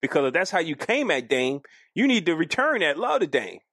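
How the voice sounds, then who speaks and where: A man co-hosting a casual podcast, animated and argumentative, often jumping up in pitch for emphasis. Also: a little fast, dry recording, studio quality. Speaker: podcast co-host.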